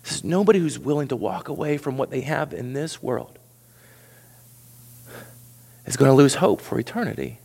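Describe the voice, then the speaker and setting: A man preaching a sermon as pastor, animated, swinging from loud high peaks to quiet low asides. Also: normal speed, creaky, long pauses, husky, big-room sound.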